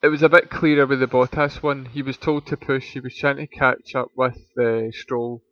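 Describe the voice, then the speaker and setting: A man's voice: medium pitch, steady tone, moderate pace, dull audio. A man co-hosting a casual podcast, talking through race analysis with dry, teasing humor. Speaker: podcast co-host. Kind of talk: casual chat.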